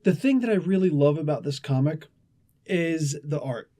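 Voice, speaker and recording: A man's voice: fairly high pitch, animated, normal speed, mellow. A man hosting a casual comic book review, talking in a chatty, rambling way with asides and restarts.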